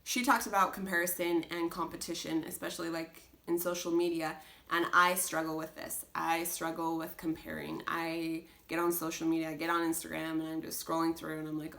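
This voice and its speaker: A woman's voice: low-pitched, level tone, fairly quick, gravelly, hardly any pauses, a bit bright. A young woman talking casually as a homeschooling mom, earnest and rambling, full of restarts and "like". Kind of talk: casual chat.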